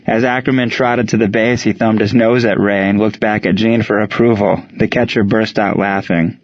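Low-voiced man narrating a story. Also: fairly even intonation, normal speed, hardly any pauses, no room sound, muffled recording. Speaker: audiobook narrator. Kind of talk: scripted narration.

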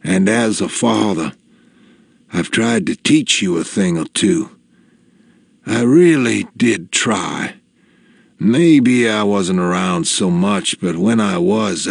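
A man voicing his dying elderly father, who speaks slowly and shakily, gruff and teasing yet worried for his son. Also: on the low side, no room sound, clean studio sound, voice pushed up, full character voice. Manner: slow, shaky, halting delivery.

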